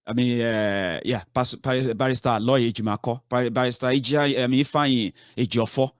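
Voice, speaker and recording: A man's voice: medium pitch, steady tone, fairly quick, no echo, clean studio sound. A man giving a heated political commentary, scolding his listeners with rhetorical questions and swearing.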